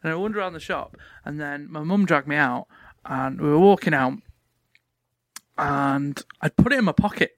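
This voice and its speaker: A man's voice: on the high side, normal speed, fairly bright tone, no room sound. A man, hosting a podcast and telling rambling anecdotes with frequent laughter. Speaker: podcast host. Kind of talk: casual chat.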